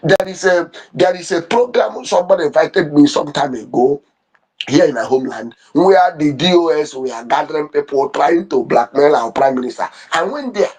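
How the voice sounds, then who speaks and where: A fervent man with a husky, raspy tone and a high voice for a man. He delivers impassioned commentary, repeats phrases and stumbles over restarts as he pushes his point. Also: animated, moderate pace, darkish tone. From Nigeria. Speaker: online commentator.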